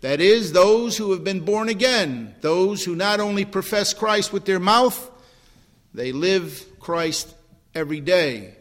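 A male pastor delivering a sermon, his voice rising and pushing hard on key points and dropping low and quiet in prayer. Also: animated, slow, long reverb tail. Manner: rises in pitch and force when preaching, drops low in prayer. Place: church sanctuary.

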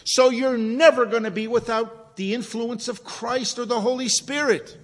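High-voiced man preaching in a reverberant church. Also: steady tone, moderate pace. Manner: conversational preaching, asks the congregation questions. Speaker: pastor. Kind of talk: sermon. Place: church sanctuary, also streamed online.

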